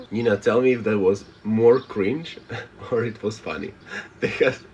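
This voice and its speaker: A man with a fairly low voice hosts a casual live stream. He reads viewer messages aloud and answers them bluntly, sounding unbothered. A faint hiss of background noise sits under his voice. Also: a little mellow, muffled recording. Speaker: live streamer reading chat.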